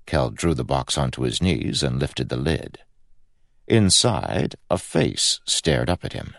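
Brief: deep-voiced male narrator, slow and gravelly, dry close recording, audiobook fiction. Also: no room sound. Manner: measured, expressive storytelling. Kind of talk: scripted narration.

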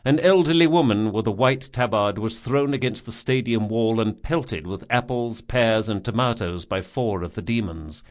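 A man narrating a fantasy audiobook in a measured, grave storytelling manner. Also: lowish voice.

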